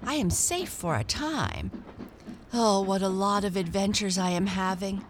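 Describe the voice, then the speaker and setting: A woman's voice: medium pitch, lively intonation, measured pace, slight background noise, voice pushed up, lightly acted. A woman voicing a small female black cat who is timid but adventurous, musing to herself in a chatty way. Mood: relieved.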